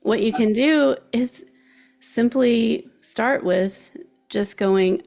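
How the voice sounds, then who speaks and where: A woman's voice: a little high, extremely slow, vocal fry, a little mellow. A woman hosting a guidance show, talking through emotions in a chatty, encouraging way and laughing easily. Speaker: show host giving life guidance. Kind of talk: casual coaching talk.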